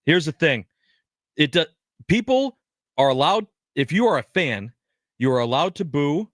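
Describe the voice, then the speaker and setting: A man's voice: a little high, very animated, unhurried, no echo, clean studio sound. A man co-hosting a sports radio show, joking and teasing in casual talk. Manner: joking, wrestling references, teasing. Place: radio studio. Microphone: studio microphone.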